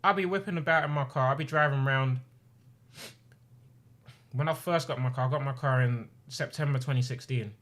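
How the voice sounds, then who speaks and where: A man's voice: medium pitch, a little fast, pauses often, fairly bright tone. A man in his twenties talking on stream, earnest and impassioned, repeating phrases for emphasis. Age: 20s. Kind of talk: emotional personal talk on stream. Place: home streaming room.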